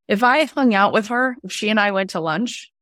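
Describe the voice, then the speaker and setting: Lively woman podcast host, dry sound. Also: medium pitch, moderate pace, no room sound. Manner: animated storyteller, laughing, acting out quotes. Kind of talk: candid podcast conversation.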